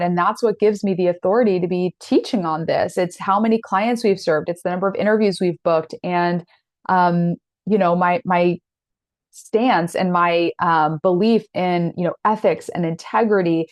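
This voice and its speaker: A woman's voice: fairly low pitch, moderate pace, no room sound. A woman in her thirties teaching an online masterclass in an earnest, direct, encouraging way. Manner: earnest, direct, encouraging, with animated quoted asides.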